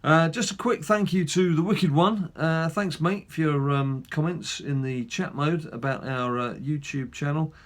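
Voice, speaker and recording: A man's voice: on the high side, unhurried, hardly any pauses. A man hosting a gaming channel, chatting casually through a mobile game with lots of fillers and self-mocking asides.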